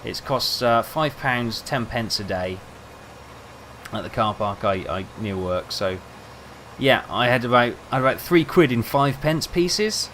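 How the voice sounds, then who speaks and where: A man's voice: mid-range voice, expressive, measured pace, fairly bright tone, a little hiss or hum. A young man rambling casually, telling self-mocking stories over gameplay. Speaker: gaming video host.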